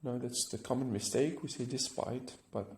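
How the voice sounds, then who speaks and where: A man with a gravelly, creaky voice teaches a grammar lesson, walking through examples step by step and checking in with "right?". The recording has a noticeable echo from the room. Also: medium pitch, fairly quick, a little mellow, slight background noise. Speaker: English teacher.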